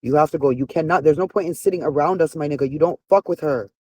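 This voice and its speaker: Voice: medium pitch, darkish tone, husky, no echo. Blunt, profane reaction commentator in their forties. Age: 40s. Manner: rapid-fire rhetorical questions. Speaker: commentator reacting to a reality show.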